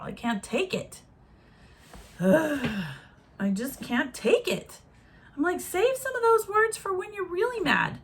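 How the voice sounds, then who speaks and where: A woman's voice: mid-range voice, creaky, a bit bright, breathy edge. A woman in her forties talking frankly and reflectively to her viewers in a casual, motherly monologue. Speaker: vlogger.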